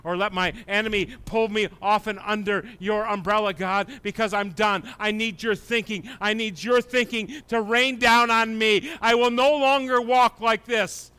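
A male pastor preaching with a high, bright, clear voice. He drops to hushed prayer and then rises into shouted, fervent exhortation. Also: fairly even intonation, moderate pace, few pauses. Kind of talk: sermon.

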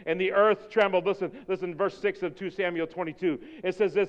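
A male preacher gives a passionate sermon, dropping to near-hushed intimacy and then rising to urgent calls. His voice is high and smooth, and it rings out with a long reverb around a large hall. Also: fairly even intonation, normal speed, hardly any pauses, dull audio. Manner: fervent, swings between quiet intimacy and shouting.

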